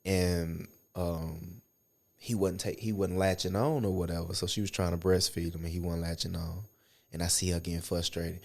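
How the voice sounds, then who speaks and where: A young man with a very deep, gravelly voice, telling personal stories on a casual podcast. He talks in a loose, profane way and acts out the voices of people in his stories. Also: normal speed. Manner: animated, profane storytelling with acted quotes. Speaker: podcast co-host. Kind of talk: casual chat, storytelling.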